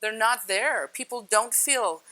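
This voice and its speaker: This spiritual speaker has a sharp, rather high voice and talks a little slowly. Her talk is casual and frank, peppered with offhand swearing and chatty questions aimed at the listener.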